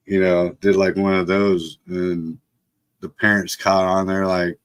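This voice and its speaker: A man's voice: deep voice, flat delivery, a little slow. Profane laughing man spinning a yarn. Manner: profane, laughs often while telling. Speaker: live stream host. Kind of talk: casual storytelling. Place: home setup for a live stream.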